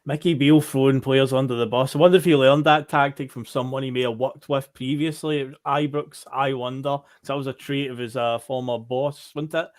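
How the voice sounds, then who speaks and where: A man's voice: mid-range voice, steady tone, a little fast, hardly any pauses. A Scottish man co-hosting a podcast, chatting casually and mockingly about football. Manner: chatty, mocking, acts out quotes. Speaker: podcast co-host.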